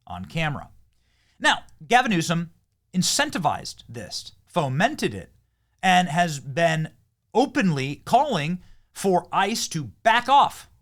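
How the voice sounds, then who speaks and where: Man, commentary host, combative, emphatic, lively pitch swings. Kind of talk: opinion commentary.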